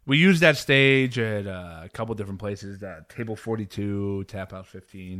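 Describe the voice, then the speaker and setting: A man hosts a podcast in a casual, rambling way, full of fillers and laughter. His voice sits low. The recording is close and dry. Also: a bit bright, no echo. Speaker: podcast host. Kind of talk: casual chat.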